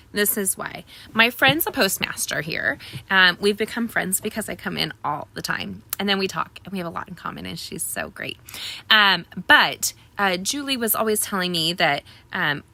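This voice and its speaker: Female craft tutorial host: chatty, rambling, filler-heavy, with a sharp tone and a gravelly edge. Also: animated, normal speed. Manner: chatty and rambling, many ums; upbeat sales pitch to viewers. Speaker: card making tutorial host. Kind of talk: casual live craft tutorial.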